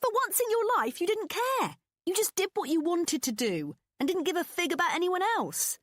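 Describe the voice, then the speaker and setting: A woman's voice: lowish voice, big pitch swings, normal speed, dry recording. A woman voicing a bold, blunt young woman friend who teases in a sing-song way. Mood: teasing.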